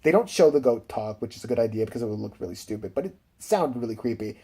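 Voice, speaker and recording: A man's voice: mid-range voice, animated, fast, mellow, husky. A man recapping a film in a rambling, profane, casual way with laughing asides. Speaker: film reviewer.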